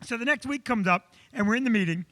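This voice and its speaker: A male comedian hosts a live show, telling a story with animated energy. His voice sits unusually high and bright for a man. The sound is close and dry. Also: quick pace, no echo. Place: comedy club.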